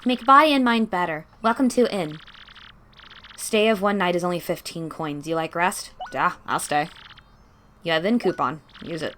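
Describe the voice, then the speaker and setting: A woman's voice: lowish voice, normal speed, fairly bright tone, slight background noise, natural voice. A woman voicing a bomb creature innkeeper in a video game, speaking in short, broken phrases. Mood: welcoming.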